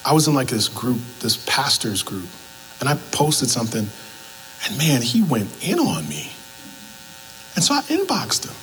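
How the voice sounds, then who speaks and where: Animated male pastor preaching a sermon. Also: medium pitch, normal speed, in a large hall, slight background noise, low-quality recording. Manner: animated storytelling, acts out both sides of conversations.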